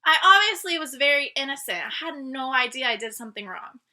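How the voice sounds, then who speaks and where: A woman vlogger telling a personal story to her viewers in a casual, animated way, acting out the dialogue. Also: high-pitched, brisk. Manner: animated, acts out quoted dialogue.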